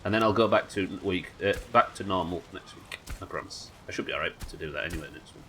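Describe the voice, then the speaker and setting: Sweary Yorkshire streamer, lowish voice. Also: male voice, fast talker, sharp tone, slight background noise. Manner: chatty, sweary, laughing. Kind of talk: casual live-stream chat while gaming.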